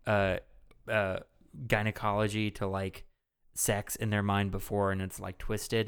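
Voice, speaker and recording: A man co-hosting a casual movie podcast, rambling and animated, with lots of swearing and fillers. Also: fairly low pitch, a little slow, smooth. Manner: rambling and animated, heavy profanity, many fillers. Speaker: podcast co-host.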